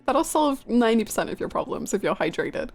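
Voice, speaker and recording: A woman's voice: a little high, very animated, fairly quick, a little mellow, soft background music. A woman game streamer chatting casually with viewers, laughing often and swearing freely.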